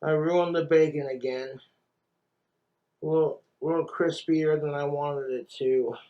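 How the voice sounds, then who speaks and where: A man's voice: a little high, fairly even intonation, unhurried, mellow, lo-fi sound. A man talking casually to the camera while he cooks, frustrated with himself, scolding himself and swearing a lot. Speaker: cooking vlogger. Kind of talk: casual cooking vlog.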